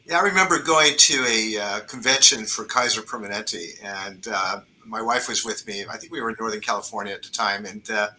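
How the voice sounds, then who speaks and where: Man, very bright tone, faint background hiss, easygoing storyteller. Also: lowish voice, fairly quick, few pauses, low-quality recording. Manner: relaxed, filler-heavy storytelling. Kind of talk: casual anecdote.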